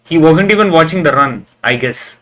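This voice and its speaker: A man giving casual live reaction commentary, excitable, cheering and groaning at the screen, often repeating himself as he talks. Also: fairly high pitch, normal speed. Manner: repeats words and restarts often. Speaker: reaction video host.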